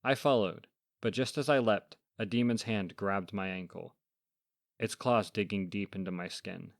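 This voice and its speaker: A man narrating a first-person horror fable in a measured, deadpan, scripted way as host of a story podcast. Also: fairly low pitch, creaky, no echo, clean studio sound.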